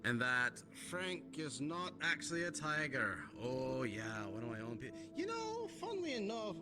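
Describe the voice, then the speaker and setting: A man roleplaying a gang leader on a live stream, questioning calmly and often murmuring agreement. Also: fairly high pitch. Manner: calm, probing, drawn-out murmured agreement. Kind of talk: in-character roleplay dialogue. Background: background music.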